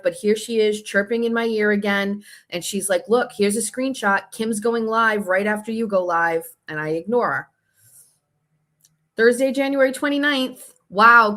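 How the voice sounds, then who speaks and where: A woman's voice: medium pitch, a bit bright. A woman hosting her own show, casually recounting an online feud and reading out messages in a gossipy, exasperated way with some swearing. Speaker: host.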